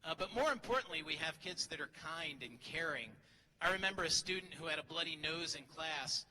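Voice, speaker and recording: A man's voice: fairly high pitch, animated, brisk, pushed and bright, slight background noise. A middle-aged man, a teacher, giving a humorous graduation speech full of teasing, self-deprecating jokes from a podium microphone. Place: large hall at a graduation ceremony. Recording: hall reverb, faint crowd ambience.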